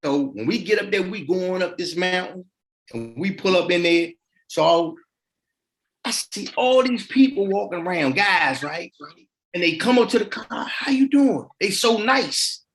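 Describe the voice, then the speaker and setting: Middle-aged guy on a podcast telling his story, super expressive, voice jumps all over, talks real casual. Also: high voice, measured pace. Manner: animated, acts out the people in his story; colloquial, relaxed street talk. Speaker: podcast guest.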